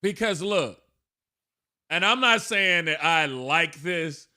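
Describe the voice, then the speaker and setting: A man's voice: on the high side, lively intonation, slow, pushed and bright. A man co-hosting a podcast, reacting bluntly and swearing in a casual political chat. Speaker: podcast co-host.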